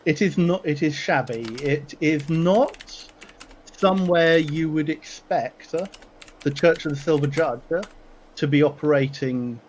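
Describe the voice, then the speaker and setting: A man narrating as game master for a tabletop game, halting and full of fillers. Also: a little high, slight background noise, poor audio.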